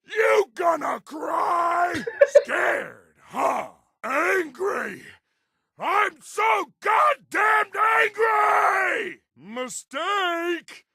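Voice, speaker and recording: A roaring, cackling brute of a monster from a video game, spitting crude threats in a high, gravelly voice. He drags his words out slowly and hammers each one home, bloodthirsty and delighted with his own rage. The voice sits dry and close. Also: pushed and bright, dry recording, full character voice. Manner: bellowing short brutish threats, cackling. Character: hulking brutish monster, gleefully murderous. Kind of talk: game character voice lines.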